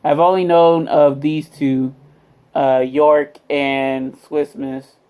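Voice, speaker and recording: A woman talks her viewers through a drink review at an unhurried pace. She rambles and loops back on herself with plenty of fillers, and she keeps calling her audience y'all. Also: low-pitched, fairly even intonation, mellow, clear, resonant tone. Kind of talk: casual product review chat.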